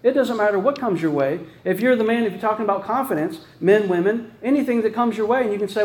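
Man, high voice, casual preacher, chatty sermon, keeps asking "right?", echoey room. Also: quick pace, few pauses. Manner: casual, peppered with "right?" tag questions and restarts. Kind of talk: conversational sermon.

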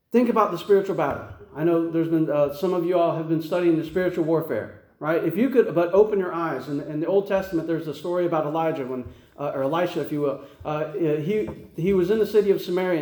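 A man preaches in a relaxed, folksy style, repeating his words as he thinks and checking in with "right?" His voice sits high but sounds soft and warm. The room has a noticeable echo. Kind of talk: conversational sermon.

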